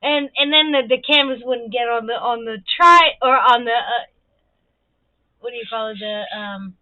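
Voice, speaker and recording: A woman's voice: a little high, normal speed, no echo. Swearing woman venting, tinny sound. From Serbia. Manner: rambling, heavy swearing, animated venting. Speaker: livestreaming painter. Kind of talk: casual livestream chat. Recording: tinny phone-like dry sound.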